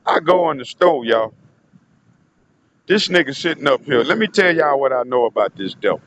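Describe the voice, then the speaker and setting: Man, slightly higher voice, rambling vlog story, profane, keeps talking to viewers. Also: lively intonation, normal speed, pauses often, fairly bright tone, highs cut off, a little hiss or hum. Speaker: vlogger. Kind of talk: casual storytelling monologue.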